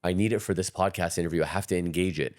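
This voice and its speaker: Fast-talking deep-voiced man. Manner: rapid, rambling storytelling with many restarts. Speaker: guest, energy healer. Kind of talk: casual podcast conversation.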